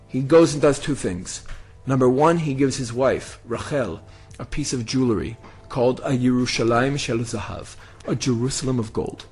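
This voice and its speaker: A man's voice: medium pitch, animated, moderate pace, husky, faint music behind. A man teaching history with dramatic emphasis, building to emphatic peaks. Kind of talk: impassioned history lesson.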